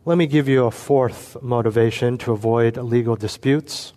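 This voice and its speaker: Man, pastor, expository sermon, emphatic, measured delivery. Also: medium pitch, dark tone. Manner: earnest, emphatic, slows down for emphasis.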